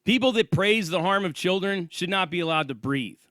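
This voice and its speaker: A channel host delivers an angry, profane, sarcastic rant on his own show, his high-sitting voice slightly bright with lively intonation and a somewhat quick pace. The recording is clean studio audio with no room sound.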